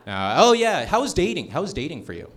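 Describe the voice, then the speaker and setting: A young man from northern Colorado doing a stand-up set with crowd work, halting and self-deprecating with many restarts. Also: on the high side, fairly bright tone. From northern Colorado, USA. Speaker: stand-up comedian. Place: comedy club stage.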